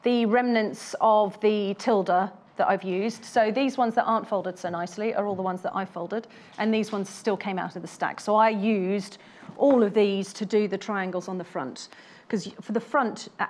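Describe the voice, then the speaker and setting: A woman's voice: medium pitch, steady tone, normal speed, hardly any pauses, a little mellow. A woman explaining her bag-making samples step by step on a TV shopping craft show. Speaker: guest bag maker.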